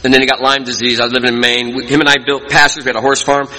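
A man's voice: mid-range voice, little pitch movement, very fast, sharp tone. A man sharing his recovery story in an earnest, folksy storytelling way at a meeting. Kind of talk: personal testimony talk. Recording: long hall reverb.

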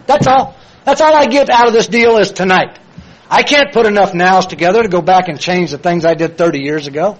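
A man's voice: high voice, low-quality recording. An older man giving a plain-spoken, confessional personal testimony at a recovery meeting, repeating his key phrases.

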